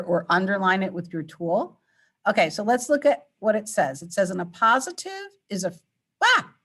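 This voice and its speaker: A woman's voice: medium pitch, fairly bright tone. Patient woman teacher quizzing her class. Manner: patient, coaxing questions to students. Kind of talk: online class lesson.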